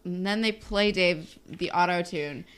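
A woman's voice: fairly low pitch, unhurried, fairly bright tone, clear, resonant tone. A young woman co-hosting a casual chat, recapping a TV episode with laughs and dry asides. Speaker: podcast co-host.

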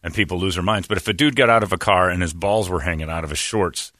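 A man's voice: deep voice, fast talker, a bit bright, dry recording, studio quality. A man hosting a comedy podcast, ranting in a crude, sarcastic and emphatic way. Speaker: podcast host. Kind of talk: casual comedic rant.

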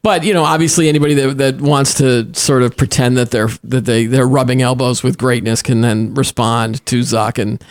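A man's voice: medium pitch, fairly even intonation, moderate pace, few pauses. A middle-aged man co-hosting a podcast in casual tech chat, rambling with many restarts and fillers. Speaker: podcast co-host.

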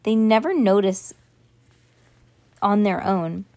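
A woman's voice: medium pitch, lively intonation, takes it slowly, mellow. A woman reading aloud, voicing a practical, matter-of-fact young girl.

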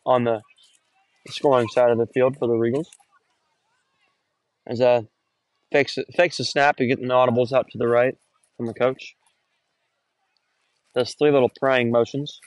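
There's no echo on this phone recording of a young play-by-play announcer covering a high school football game outdoors. He rambles casually, keeps correcting himself, and his excitement jumps on the big runs.

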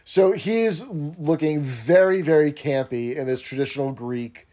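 A man's voice: on the high side, measured pace, a little mellow. A man co-hosting a podcast, chatting in detail as he recaps a sitcom episode. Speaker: podcast co-host.

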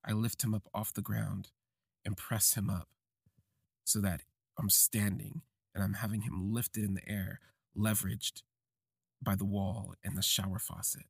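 A young adult man hosting a podcast, telling a confessional first-person story in slow, halting, reflective phrases. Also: lowish voice, little pitch movement, gravelly, breathy edge, dry recording, studio quality. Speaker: podcast host.

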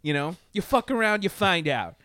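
A man in casual podcast chat, talking in a profane, animated way, with many fillers and restarts. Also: sits high, normal speed, no echo, clean studio sound. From Latin America.

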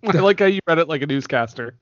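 A man's voice: on the high side, expressive, quick pace, a bit bright, no echo, highs cut off. A man hosting a casual movie podcast, laughing often as he reads reviews aloud. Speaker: podcast host.

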